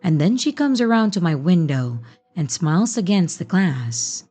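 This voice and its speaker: A woman's voice: fairly low pitch, lively intonation, moderate pace, slightly rough. A woman narrating a horror story with dry, wry asides. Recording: soft music bed underneath.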